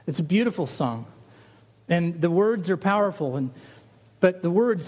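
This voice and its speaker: A middle-aged man preaching a sermon as pastor, animated and lively, his voice rising on rhetorical questions. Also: a little high, fairly quick.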